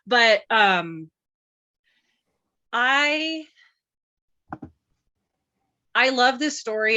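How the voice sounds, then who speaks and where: A woman's voice: mid-range voice, pushed and bright. A middle-aged woman, a guest panelist on a film review show, chatting casually in a rambling, storytelling way. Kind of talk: casual chat.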